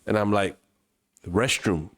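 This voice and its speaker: A man from Mexico, co-hosting a podcast, telling a travel story with lively acted-out voices and plenty of swearing. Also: lowish voice, slow, dry recording, studio quality. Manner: animated storyteller, acts out other people's voices, swears freely. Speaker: podcast co-host. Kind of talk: casual chat, storytelling.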